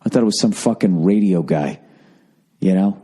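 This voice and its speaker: A man hosting a podcast from home, rambling in a sardonic, profane monologue at a hushed level. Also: low-pitched, normal speed, breathy edge. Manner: profane, sardonic, talking quietly. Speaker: podcast host. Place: at home, indoors.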